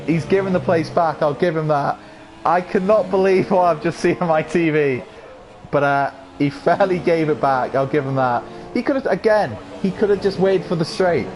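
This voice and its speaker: Over slight background noise, a croaky-voiced man delivers excitable live commentary on an online racing league. His pitch is fairly high, and he breaks into yells at incidents.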